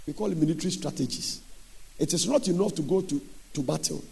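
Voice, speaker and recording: Emphatic husky-voiced preacher man. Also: a little high, quick pace. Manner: emphatic, preaching with sudden loud bursts and sing-song rises. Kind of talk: sermon.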